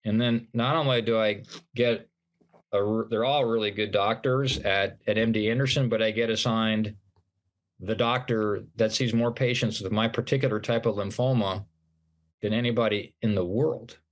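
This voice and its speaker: A man's voice: lowish voice, steady tone, moderate pace. A middle-aged man, a podcast guest, earnestly telling his personal story in an interview, often restarting his sentences. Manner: earnest, retelling events with acted-out dialogue and frequent restarts. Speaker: podcast guest, motivational speaker.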